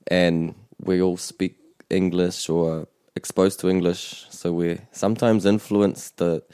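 Deep, mellow New man teaching. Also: flat delivery, smooth, no echo, clean studio sound. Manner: measured, explanatory, with restarts. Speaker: te reo Māori teacher and podcast host. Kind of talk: bilingual language lesson chat.

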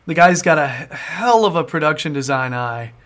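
A man's voice: on the high side, lively intonation, moderate pace, fairly bright tone. A young man, hosting a casual podcast and rambling with easy laughs and casual swearing. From American South. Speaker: podcast host.

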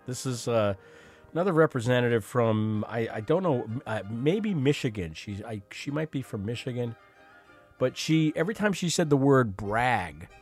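A middle-aged man hosting a show, giving casual, sardonic commentary over clips. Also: mid-range voice. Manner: sardonic, mocking asides. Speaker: radio host.

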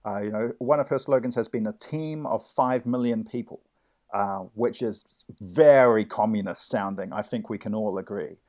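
A man, a comedy correspondent riffing in improvised banter with a rambling, deadpan delivery full of restarts. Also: on the low side, normal speed. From New Zealand.

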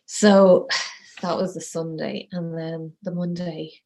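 A woman, speaking as a guest in a halting, soft-spoken personal account, tearful at times, with many fillers. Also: on the low side, flat delivery.

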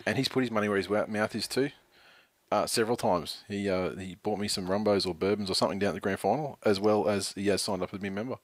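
A man's voice: fairly low pitch, fairly even intonation, fast talker, no room sound. An Australian man co-hosting a casual sports podcast, dryly reading out listener messages and swearing between laughs. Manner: dry, reads tweets aloud with laughs and swearing.

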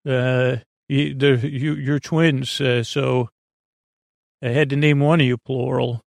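A man hosting a sleep podcast, rambling in a slow, meandering way full of fillers and restarts. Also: mid-range voice, flat delivery, gravelly, no room sound. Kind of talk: rambling bedtime podcast chat.

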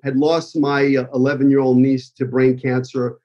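A warm, mid-range male voice with little pitch movement proceeds at a moderate pace over lo-fi sound. This New York-accented acting school owner is giving a heartfelt personal tribute speech, emotional, rambling and thick with fillers.

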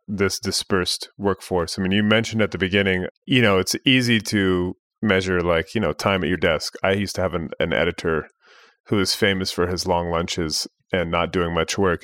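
A man's voice: deep voice, fairly bright tone, no echo, studio quality. A man interviewing a guest, asking loose, rambling questions in a conversational way.

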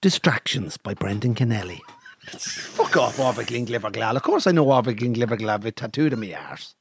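An Irish man, a podcast co-host, chatting playfully and reading a poem out slowly and deliberately. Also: medium pitch, expressive, vocal fry, a little hiss or hum. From Ireland. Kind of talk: casual chat.

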